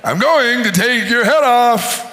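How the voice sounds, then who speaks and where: A squeaky little boy hero hurls defiant, old-fashioned challenges, as a preacher puts him on. The voice is high, slow and drawn out, and laughter keeps breaking through. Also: lively intonation, pushed and bright, in a large hall, a little hiss or hum, full character voice.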